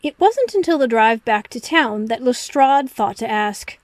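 A woman narrating a story in a steady, expressive reading. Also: a little high, unhurried, hardly any pauses, no echo. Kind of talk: audiobook reading of fan fiction.

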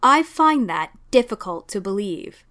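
A woman's voice: mid-range voice, sing-song, a little slow. Woman reading as a furious, snapping female sergeant. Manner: sharp and snapping, rising to shouts. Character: furious female police sergeant, sharp and accusing.

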